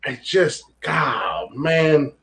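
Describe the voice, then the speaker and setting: A man's voice: on the high side, animated, slow, bright, forceful tone. A man co-hosting a podcast in casual chat, blunt and opinionated, swearing freely. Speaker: podcast co-host.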